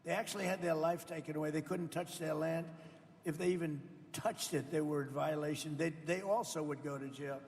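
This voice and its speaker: Man in his 70s, off-the-cuff roundtable speech, boastful, repetitive, gravelly, long hall reverb. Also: on the high side, fairly even intonation, a little fast, a little mellow. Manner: rambling, boastful, repetitive, with asides to the audience. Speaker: politician speaking at a roundtable. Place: event room with people around a table.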